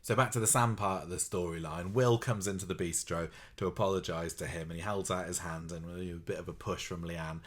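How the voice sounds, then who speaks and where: A man's voice: low-pitched, fairly even intonation, brisk, few pauses. A man co-hosting a podcast, recapping a soap in a rambling chat with wry asides. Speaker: podcast co-host.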